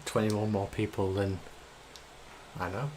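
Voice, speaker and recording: A man with a northern English accent, co-hosting a casual livestream with quiet, short, dry replies. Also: on the low side, flat delivery, a little slow, a little hiss or hum, rough recording. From north of England. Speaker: co-host. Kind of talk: casual drinking-stream chat.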